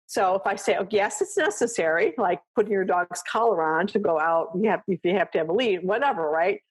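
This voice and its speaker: A woman's voice: lowish voice, fairly quick, slightly rough. Chatty woman dog coach, full of "right?". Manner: conversational, lots of "you know" and "right?", acts out little dialogues with her dog. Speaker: dog trainer and podcast host. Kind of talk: coaching talk, casual explanation.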